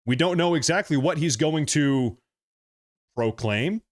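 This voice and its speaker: A man's voice: fairly high pitch, expressive, unhurried. A man hosting a political live stream, talking agitated and repetitive and speaking straight to his viewers. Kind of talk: casual live-stream commentary.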